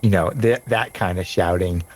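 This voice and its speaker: A man narrating as game master of a tabletop game, rambling with frequent pauses and restarts. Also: low-pitched, poor audio.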